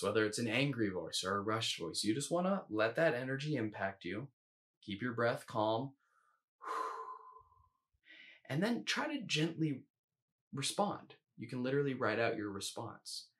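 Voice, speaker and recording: A man coaching viewers in a calm, measured instructional talk, sometimes restarting his phrasing. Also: medium pitch. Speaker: eating coach.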